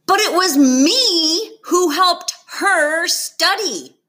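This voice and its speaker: A shrill, outraged young schoolgirl who squeaks high when things don't go her way, as a woman reading a storybook puts her on. Her voice leaps and dips with feeling, slow and bright. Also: lively intonation, exaggerated voice.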